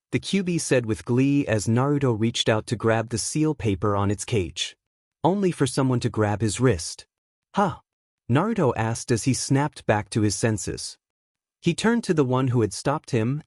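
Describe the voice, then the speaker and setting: A man narrating a fan fiction story in a steady, expressive reading. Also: mid-range voice, no echo, clean studio sound.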